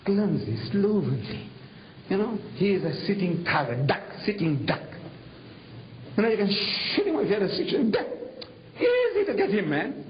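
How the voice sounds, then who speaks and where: A man voicing an eager, cocky young shepherd boy who talks in excited, slangy pleas, in a dull lo-fi recording. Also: high voice, moderate pace, big-room sound, a little hiss or hum, voice pushed up.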